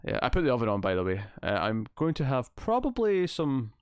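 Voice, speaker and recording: A man's voice: medium pitch, huge pitch swings, brisk, smooth, dry recording, clean studio sound. Chatty man hosting a livestream. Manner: rambling, chatty, laughs at himself. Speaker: livestream host. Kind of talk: casual livestream chat reading viewer comments.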